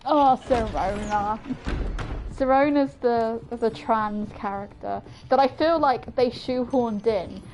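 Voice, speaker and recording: A woman's voice: a little high, slow pace, darkish tone, a little hiss or hum, rough recording. A woman streaming a game, chatting casually with viewers in rambling asides. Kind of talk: casual gameplay commentary.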